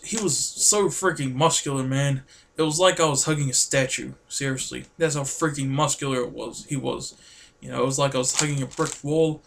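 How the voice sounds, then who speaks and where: A man, vlogging in a casual, rambling and excitable way, full of fillers. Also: mid-range voice, slight background noise. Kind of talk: casual chat to camera.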